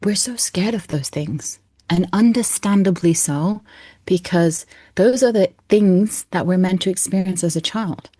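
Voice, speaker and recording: A woman's voice: lowish voice, a little slow, mellow, breathy edge, no echo. A woman in her thirties, a coach speaking earnestly and expressively as an interview guest, often laughing. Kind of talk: heartfelt interview talk.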